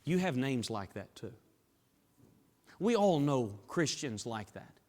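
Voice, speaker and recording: A man preaching a sermon in a church, dropping to hushed tones and building to raised, emphatic climaxes. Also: mid-range voice, sing-song, slow pace. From Southern US. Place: church sanctuary. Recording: long reverb of a large hall.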